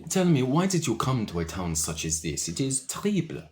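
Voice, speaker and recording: A man's voice: medium pitch, wildly swooping pitch, a little fast, pitched above the performer's own voice. A man voicing a suave male half-orc priest with a put-on French accent, charming and theatrical.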